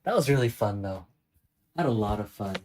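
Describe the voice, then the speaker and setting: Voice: mid-range voice, animated, a little fast, darkish tone, slight background noise, low-quality recording. A young adult streamer from Northern California with a Northern Californian accent, chatting casually and rambling while answering viewers. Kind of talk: casual livestream chat with viewers.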